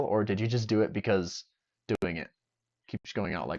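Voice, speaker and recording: Young male streamer, low voice, rambling jokey self-talk, dull lo-fi audio. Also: animated, moderate pace, darkish tone. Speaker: game streamer. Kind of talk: casual gameplay streaming. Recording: dull lo-fi sound.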